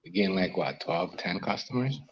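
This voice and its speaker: A man chatting offhand about his business, halting and loose. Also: deep voice, animated, lo-fi sound, a little hiss or hum. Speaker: business partner. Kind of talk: casual chat.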